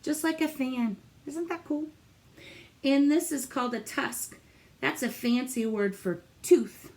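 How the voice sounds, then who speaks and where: Slow, encouraging schoolteacher woman. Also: high-pitched. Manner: animated and encouraging, asks children questions. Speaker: teacher. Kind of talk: reading a picture book aloud to young children.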